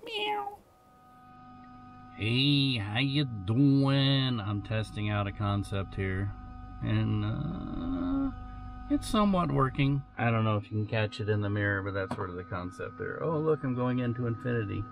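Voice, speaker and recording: A man talking casually to his handheld camera for a vlog, rambling and halting with lots of fillers. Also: fairly low pitch, sing-song, gravelly, a little hiss or hum. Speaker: vlogger. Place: outdoors in wind, on the move. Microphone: action camera on a handheld gimbal.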